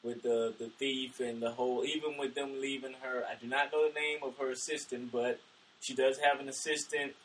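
A man's voice: medium pitch, moderate pace. A man talks through a film in loose, rambling podcast chat, stumbling over his words and trying again. He sounds a little far from the mic, with a faint hiss underneath. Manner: rambling, animated, many restarts. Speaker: podcast co-host. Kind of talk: casual movie discussion.

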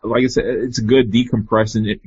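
A man co-hosting a casual comic book podcast, relaxed and full of fillers. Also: mid-range voice, moderate pace, husky, no room sound, lo-fi sound. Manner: relaxed, frequent "you know" and "uh". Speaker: podcast co-host.

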